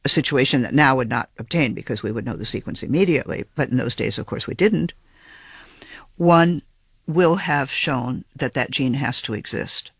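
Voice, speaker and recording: Measured academic man, dry close sound. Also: mid-range voice, vocal fry, fairly bright tone, slightly rough, no echo. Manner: measured, precise, academic phrasing with small restarts. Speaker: geneticist being interviewed. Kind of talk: reflective interview explanation.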